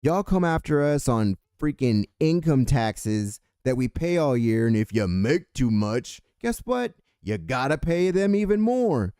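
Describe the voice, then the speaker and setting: On the high side and mellow, this man's clean voice carries an angry, swear-filled political rant from his California-based show. The recording is dry, with clean studio sound.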